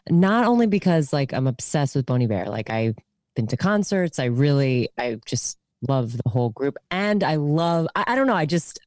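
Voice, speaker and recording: Woman co-host, deep for a woman, hesitant and restarting, dry sound. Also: very animated, a little mellow, no echo. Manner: halting, full of restarts and fillers. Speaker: podcast co-host. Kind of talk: casual chat.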